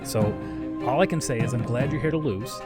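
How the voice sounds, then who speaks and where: A man's voice: mid-range voice, fairly quick, over loud music, natural voice. A man playing a short, brash male racer who trash-talks his opponents in a crude, swaggering way.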